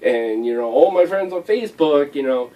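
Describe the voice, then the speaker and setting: A man's voice: on the high side, expressive, moderate pace, distant mic, highs cut off. A man ranting blunt and exasperated to camera in a vlog, heavy on fillers. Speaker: vlogger. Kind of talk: opinionated rant to camera.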